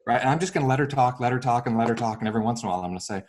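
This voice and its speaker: A man speaking as an interview guest, explaining his ideas with many fillers and lively acted-out example dialogue. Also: medium pitch, racing. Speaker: real estate broker and coach.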